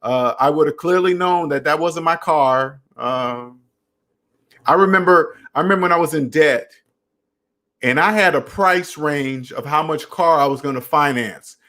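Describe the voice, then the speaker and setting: A man's voice: fairly high pitch, unhurried, pushed and bright. A young adult man hosting a casual personal finance live stream, talking straight to viewers and repeating phrases for emphasis.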